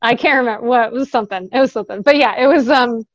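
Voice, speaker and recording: A chatty woman with a slightly high voice chats as an interview guest, laughing often and filling pauses. Her voice is dry and close, but the sound is dull and lo-fi, as over a video call. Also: no echo. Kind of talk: casual interview chat.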